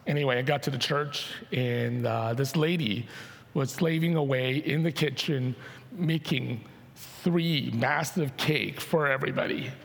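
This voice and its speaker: Gravelly-voiced pastor in a reverberant hall. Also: male voice, mid-range voice. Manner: halting, many fillers and restarts. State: partly lost voice from allergies. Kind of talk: sermon and spoken prayer. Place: church sanctuary.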